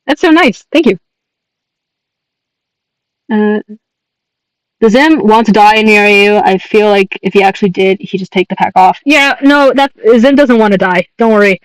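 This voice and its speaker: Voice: medium pitch, moderate pace, pauses often, smooth, no echo, poor audio. A young adult artist chatting casually on a livestream while drawing, rambling, laughing often and swearing.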